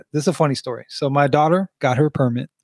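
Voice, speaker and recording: A man in his forties hosting a podcast, telling animated stories and laughing often. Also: on the high side, fast talker, no room sound, clean studio sound. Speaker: podcast host. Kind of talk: casual podcast chat.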